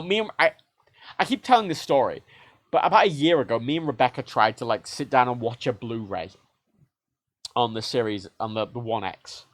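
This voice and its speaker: A medium-pitched man livestreams a casual, animated rant about game consoles, swearing heavily and mimicking the devices in quoted voices. No room sound can be heard.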